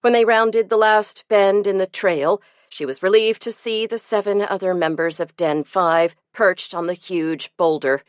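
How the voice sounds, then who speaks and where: A woman narrating an audiobook in a measured, expressive storytelling way. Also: mid-range voice, smooth, dry recording.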